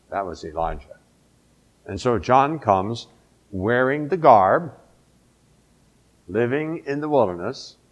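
A man's voice: lowish voice, highs cut off. A middle-aged man preaching a sermon in a conversational way, asking his listeners questions as he goes. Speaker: pastor.

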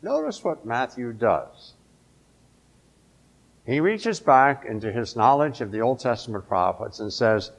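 A man's voice: mid-range voice, animated, unhurried. A male pastor preaching a sermon, emphatic, drawing out key words.

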